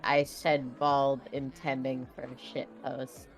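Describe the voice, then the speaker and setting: Low-voiced woman player. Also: flat delivery, takes it slowly, faint music behind, low-quality recording. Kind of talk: casual game chat.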